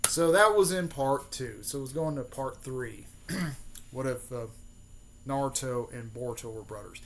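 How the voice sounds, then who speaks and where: A man's voice: medium pitch, measured pace, slight background noise. A young man casually retelling a made-up story for his video channel, rambling with lots of fillers and restarts. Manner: rambling, many fillers and restarts, keeps adding "there" and "mostly". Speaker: YouTuber. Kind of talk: casual fan-theory storytelling.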